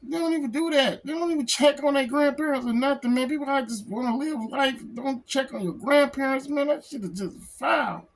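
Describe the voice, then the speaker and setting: A man who is a comic book artist, talking in an emotional personal vlog, close to tears, halting and repeating himself. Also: extremely high pitch, gravelly, slight background noise. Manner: halting, repeats phrases, says "man" a lot. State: tearful, close to crying.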